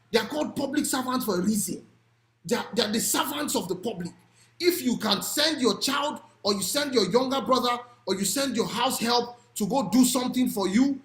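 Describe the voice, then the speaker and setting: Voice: mid-range voice, a bit bright, reverberant. Emphatic speaker with a Nigerian accent. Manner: emphatic, with rhetorical questions and occasional raised voice. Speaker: speaker on advocacy and policy. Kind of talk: impassioned public talk.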